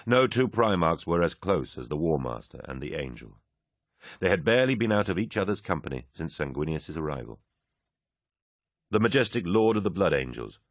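A man narrating an audiobook, reading in a measured, low-key dramatic way and voicing the characters. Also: no room sound, clean studio sound. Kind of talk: scripted narration.

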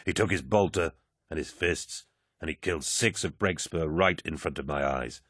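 A man voicing a giant male warrior, speaking gravely and in a measured, low way, as an audiobook character voice. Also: a bit bright, no room sound, studio quality.

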